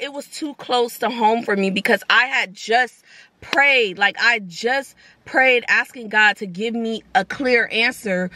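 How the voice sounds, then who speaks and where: A young woman vlogger telling a personal story in casual chat, acting out the dialogue in quick, animated bursts. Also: fairly high pitch, slight background noise.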